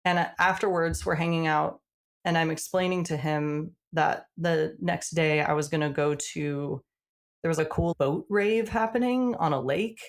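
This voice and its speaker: A woman recounting a personal story as a podcast guest, her voice low in pitch with a gravelly fry at the ends of her phrases. She speaks casually and animatedly, with plenty of "like"s, and briefly acts out the dialogue as she goes. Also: moderate pace. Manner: frequent "like" fillers.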